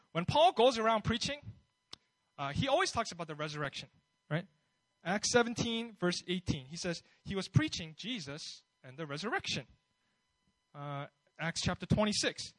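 A man's voice: sits high, fairly bright tone, dry recording, rough recording. A man preaching a sermon in a conversational way, building his points with rhetorical questions and bold emphasis.

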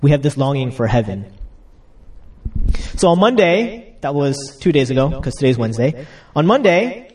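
Young male pastor, chatty and laughing, slightly high voice, recorded from a distance. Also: big pitch swings, normal speed, darkish tone. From United States. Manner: chatty, laughing asides, acts out quotes. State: getting over a cold. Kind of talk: casual sermon.

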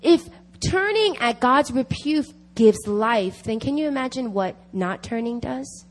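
A woman's voice: on the high side, animated, a little slow. A woman giving an emphatic sermon at a prayer meeting, repeating key phrases to drive them home. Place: church meeting.

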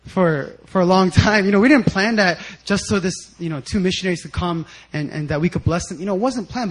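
A man preaching a sermon with personal stories, animated, sometimes shouting out quotes and laughing as he tells them. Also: high voice, low-quality recording. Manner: animated storytelling, acts out quotes loudly and laughs. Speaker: guest speaker at a church service.

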